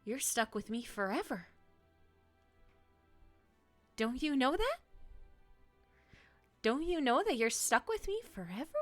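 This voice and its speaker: A woman streamer chatting casually to her viewers while playing, playfully indignant, jumping between loud exclamations and grumpy mutters. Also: sits high, very animated, slow, long pauses, no echo, faint music behind. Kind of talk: casual live-stream chat.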